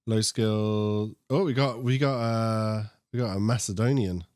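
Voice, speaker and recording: A man's voice: fairly low pitch, fairly even intonation, a little slow, a little mellow, clean tone, no room sound, studio quality. A young man with a posh British accent co-hosting a casual esports chat, joking and wandering off on tangents. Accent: posh British English. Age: young adult. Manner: joking, rambling, prone to tangents. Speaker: co-host.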